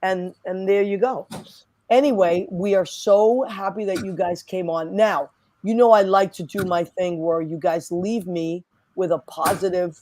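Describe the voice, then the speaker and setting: A woman's voice: lowish voice, steady tone, a little slow, darkish tone. A woman hosting a podcast over a video call, effusive and chatty. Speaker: podcast host. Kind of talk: casual chat.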